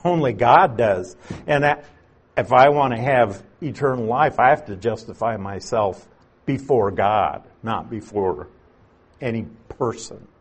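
Slow, husky-voiced male Bible teacher. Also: mid-range voice. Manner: patient, explanatory, leans on key words. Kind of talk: expository sermon.

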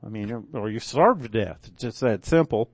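An older man preaching a conversational sermon, unhurried and folksy, with asides and self-corrections. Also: lowish voice, expressive, no room sound.

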